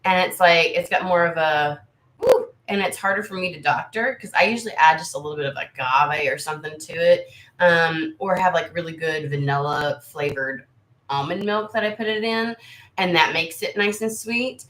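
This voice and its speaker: In a casual livestream, a US tarot reader and channel host chats with viewers in a rambling, honest manner, swearing freely. Her voice is lowish and a bit bright at a normal pace, and the sound is reverberant.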